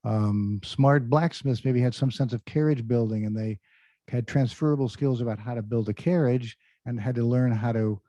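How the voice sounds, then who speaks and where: A man gives an online presentation as a career speaker, keeping it conversational, full of fillers, and quizzing his audience over the call. He has a mellow, medium-pitched voice at a moderate pace with no echo, captured by a computer mic in dull, lo-fi video call audio.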